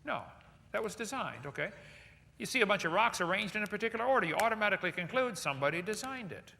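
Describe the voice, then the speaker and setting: A man's voice: high voice, expressive, quick pace, creaky, pushed and bright, slight background noise. A man giving a live seminar lecture to an audience, firing off rhetorical questions with joking asides. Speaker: seminar speaker. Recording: echoey hall with long reverb.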